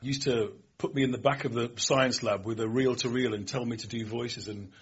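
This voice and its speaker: A man's voice: medium pitch, fairly even intonation, fairly quick, husky. A man hosting a talk show, asking teasing, jokey questions. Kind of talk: casual chat-show interview. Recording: dull lo-fi recording.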